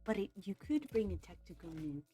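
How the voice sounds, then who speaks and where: A woman hosting a casual stream, playful and quick to laugh. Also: mid-range voice, sing-song, warm tone, slightly rough, soft background music. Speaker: streamer host.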